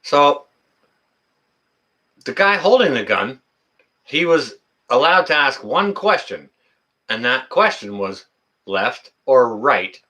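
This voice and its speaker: Man, middle-aged, casual live chat host, folksy, bright tense voice, laughs a lot. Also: mid-range voice, sing-song. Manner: folksy, laughs often, drawn-out fillers. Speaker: livestream host reading chat.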